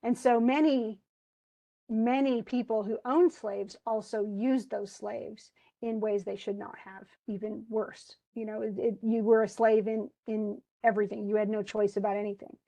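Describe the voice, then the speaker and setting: A woman teacher walks her class through a short story in a loose, conversational way. She restarts her sentences often and leans on fillers as she thinks aloud. Her voice sits fairly high. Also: fairly even intonation, normal speed, vocal fry, mellow, low-quality recording. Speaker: college English teacher. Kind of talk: literature lecture.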